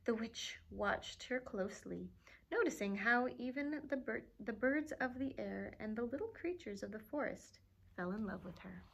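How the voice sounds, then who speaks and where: A woman librarian reading a fairy tale aloud for children, expressive and lively, with playful asides. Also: fairly high pitch, moderate pace, vocal fry, a little hiss or hum. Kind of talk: storybook read-aloud.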